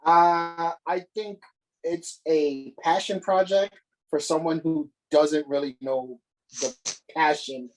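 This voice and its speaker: A man's voice: on the high side, fairly even intonation, takes it slowly, low-quality recording. A man co-hosting a podcast, ranting in casual chat with plenty of profanity and exasperation. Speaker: podcast co-host.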